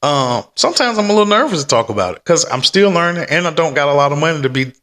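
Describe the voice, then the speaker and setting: A man's voice: fairly high pitch, expressive, fast talker, a bit bright. A man chatting loosely from a desk at home in a rambling, slangy vlog. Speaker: stock-market vlogger. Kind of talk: casual rambling vlog chat.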